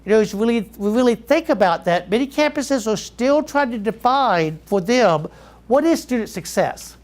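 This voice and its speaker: A middle-aged man from Southeast Georgia with a Georgia accent, giving a keynote speech to educators and telling lively stories that draw in the audience. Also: very high voice, normal speed. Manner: lively storyteller who quizzes the audience. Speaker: keynote speaker.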